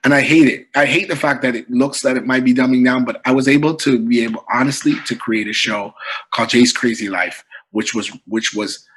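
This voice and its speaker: Bright, husky-voiced man telling stories. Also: medium pitch, a little fast, rough recording. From Canada. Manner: animated storyteller, acts out quoted voices, repeats "you know what I mean". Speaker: comedian guest. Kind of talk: casual podcast storytelling.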